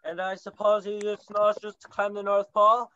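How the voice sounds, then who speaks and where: A young woman voicing a brave, gruff little male cinnamon bear in a school play, bossy and mock-ferocious. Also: medium pitch, little pitch movement, normal speed, fairly bright tone, lo-fi sound, close to an everyday voice. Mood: indignant. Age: young adult. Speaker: student actor. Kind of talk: stage play acting.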